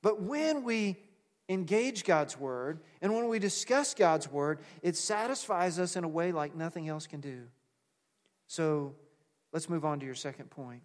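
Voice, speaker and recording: A man's voice: fairly high pitch, expressive, a little slow. A man preaching a sermon, talking in an earnest, conversational way with fillers. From United States. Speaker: pastor. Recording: long reverb of a large hall.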